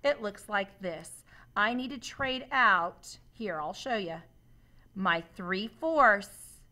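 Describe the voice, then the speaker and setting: A woman's voice: medium pitch, lively intonation, takes it slowly, pushed and bright. A woman teacher walking students through a math demonstration, upbeat and asking them questions as she goes. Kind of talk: classroom demonstration lesson.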